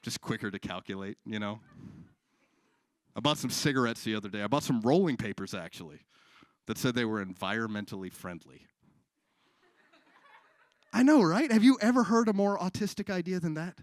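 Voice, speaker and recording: A man doing stand-up on a live stage, with deadpan delivery and frequent crowd work. His pitch moves a lot, rising and dropping within each bit. The sound is dry and close. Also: moderate pace, pauses often, dry recording. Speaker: stand-up comedian. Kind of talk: stand-up comedy set.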